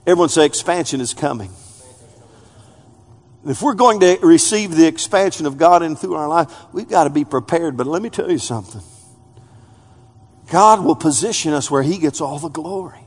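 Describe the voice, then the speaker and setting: High-voiced preaching man in a reverberant hall. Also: lively intonation, normal speed, long pauses. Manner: preaching, swinging from loud emphatic peaks to low quiet asides. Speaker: pastor. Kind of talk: sermon. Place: church sanctuary.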